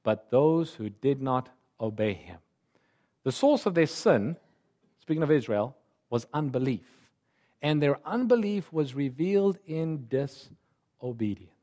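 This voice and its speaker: A man preaching a sermon in an earnest, emphatic way, slowing down and rising in pitch on key words. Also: sing-song, warm tone.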